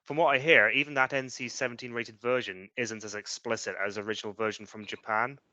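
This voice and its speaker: A man's voice: medium pitch, fairly even intonation, brisk, bright, forceful tone, dry recording. A British man co-hosting a casual chat show, ranting in an opinionated way with British slang. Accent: British English. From Britain. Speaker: podcast co-host.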